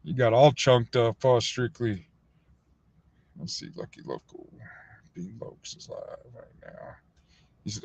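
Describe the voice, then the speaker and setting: A man casually telling a rambling, profane story on a livestream, full of fillers, sometimes acting out other people in a higher voice. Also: measured pace, pauses often, darkish tone, no room sound. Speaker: livestream host. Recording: dull, lo-fi dry sound.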